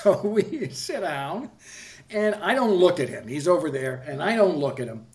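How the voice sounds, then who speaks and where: A man's voice: high-pitched, big pitch swings, moderate pace. A man in his sixties, a TV producer guesting on a podcast, telling a rambling story full of restarts and swearing. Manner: rambling, self-correcting, swears freely. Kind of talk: casual anecdotal storytelling.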